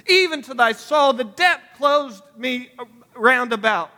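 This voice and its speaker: A man preaching a sermon in a church, building from quiet reflection to shouted, pleading prayer. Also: extremely high pitch, expressive, takes it slowly, long reverb tail. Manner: impassioned, rising to shouted pleading.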